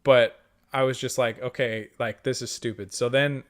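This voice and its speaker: A man's voice: mid-range voice, normal speed. A young man casually retelling a tabletop game session, swearing freely and quoting the other players. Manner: profane, animated retelling with quoted dialogue. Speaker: podcast host.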